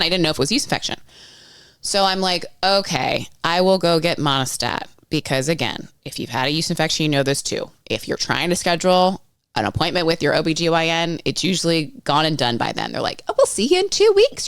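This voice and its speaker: A woman's voice: deep voice, clear, resonant tone, dry recording, studio quality. A woman, candidly telling a personal story on a podcast, frank and swearing, acting out what others said. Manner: frank, swears freely, acts out others' lines. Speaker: podcast guest.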